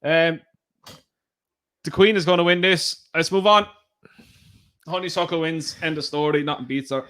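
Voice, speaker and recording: A man co-hosting a casual podcast, blunt and quick to swear when riled. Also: on the high side, fairly even intonation, a bit bright, clear, resonant tone. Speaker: podcast co-host. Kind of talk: casual banter.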